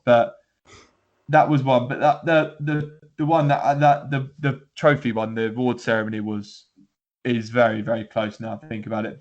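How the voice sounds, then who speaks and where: A man's voice: mid-range voice, lo-fi sound. A man co-hosting a football podcast, talking in a rambling, laughing way with lots of restarts. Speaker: podcast co-host. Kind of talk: casual chat.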